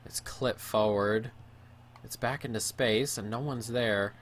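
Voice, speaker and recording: A man giving live play-by-play of his own football video game match, moving between excited shouts at goals and low, gloomy muttering at mistakes. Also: slow pace, slight background noise. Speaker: gaming YouTuber.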